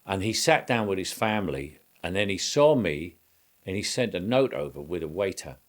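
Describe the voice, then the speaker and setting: An older man looks back on his career in a relaxed interview. His voice is deep and unhurried. He circles back on his words, restarting phrases and chuckling as he goes. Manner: rambling recollection with frequent restarts and chuckles. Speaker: actor. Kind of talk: reminiscing interview.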